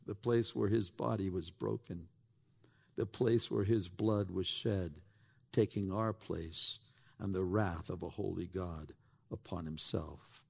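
A man pastor preaching a sermon with dramatic storytelling, swinging between loud emphasis and hushed lines. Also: deep voice, steady tone, slow, vocal fry, husky. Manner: dramatic storytelling, voicing townspeople and Noah, sweeping emphasis.

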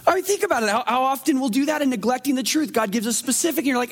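Man, pastor, sermon, high-pitched, animated, conversational, rhetorical questions. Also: fast, hardly any pauses.

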